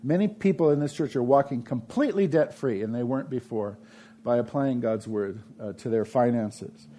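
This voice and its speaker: A man preaching a sermon in a church, emphatic and repeating phrases, swinging between loud and soft delivery. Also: medium pitch, moderate pace. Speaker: pastor.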